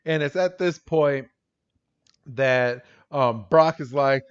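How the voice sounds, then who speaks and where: A man's voice: mid-range voice, takes it slowly, dull audio. A man co-hosting a podcast, recapping a cartoon episode in casual chat, laughing often and acting out characters in silly voices. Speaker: podcast co-host.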